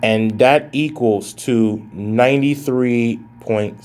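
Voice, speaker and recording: A man's voice: medium pitch, animated, unhurried, a little mellow, a little hiss or hum. A man teaching a math lesson as a professor in a recorded lecture, casual and plain-spoken, addressing students as guys and thinking aloud as he works through calculations.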